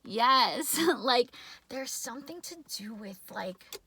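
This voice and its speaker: A young adult woman giving a casual tarot reading indoors, excitable and chatty, shaky and nervous. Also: a little high, slow pace, a little hiss or hum. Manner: excitable, chatty, many filler words. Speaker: tarot reader.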